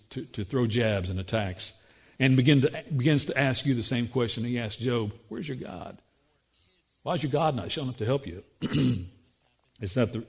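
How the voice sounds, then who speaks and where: A man's voice: medium pitch, a little mellow. A man preaching a sermon as pastor, earnest, with frequent restarts and rhetorical questions.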